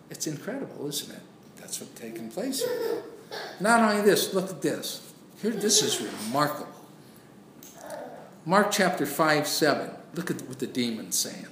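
Gravelly preacher man in a roomy hall. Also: medium pitch, a little hiss or hum. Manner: emphatic, swings between loud declarations and hushed asides. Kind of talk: sermon. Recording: roomy echo.

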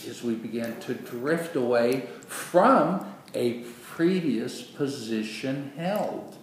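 A man preaching a sermon in an earnest, animated way, acting out quoted voices, with a dry throat after surgery. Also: medium pitch, slow. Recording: echoey room, far from the mic, noisy.

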